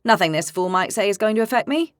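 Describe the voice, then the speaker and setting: A woman voicing a good-natured steady warrior. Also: medium pitch, fast, no room sound, clean studio sound, close to an everyday voice. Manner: calm, warm reassuring speech.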